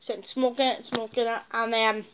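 A young woman tells a story to her vlog viewers in a high, bright voice. She talks bluntly and swears a lot. She often sinks into low, muttered asides. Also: little pitch movement, normal speed, muffled recording, slight background noise. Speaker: vlogger. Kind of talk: casual storytelling.

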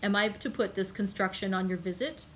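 A woman reading the part of a composed, wry male journalist in a storybook reading, measured and formal. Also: mid-range voice, fairly bright tone, slight background noise, close to an everyday voice, poor audio. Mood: calm.

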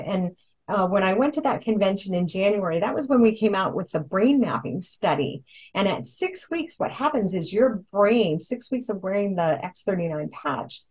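In Hawaii, a woman who presents products chats away like a storyteller, peppering her talk with ums and fresh starts. Her pitch is fairly low, her tone somewhat dark, and the recording sounds rough.

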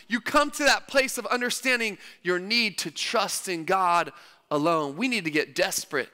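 A man's voice: extremely high pitch, moderate pace, sharp tone, clean tone. A man preaching a sermon in a church, emphatic and repeating his phrases for stress. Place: church hall. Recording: long church-hall reverb.

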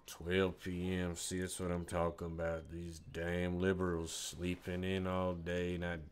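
A man voicing a gruff country fisherman with a put-on American country accent, drawling folksy talk on a live stream. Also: low voice, completely flat delivery, unhurried, slight background noise. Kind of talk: live stream role-play.

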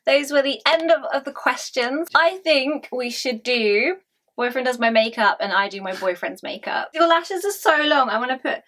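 A woman's voice: high voice, animated, moderate pace, a bit bright. A young woman hosting a casual couple vlog, chatty and teasing, laughing often. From England. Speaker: YouTuber host.

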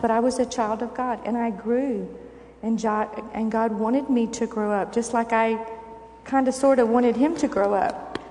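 A woman's voice: fairly high pitch, mellow. An older woman giving a children's sermon in a church, coaxing and asking the children questions. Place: church sanctuary. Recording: echoey church hall recording.

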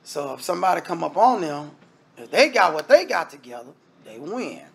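A man's voice: fairly high pitch, big pitch swings, normal speed, vocal fry, breathy edge. A man preaching a sermon in an emphatic, conversational style, speaking straight to the congregation.

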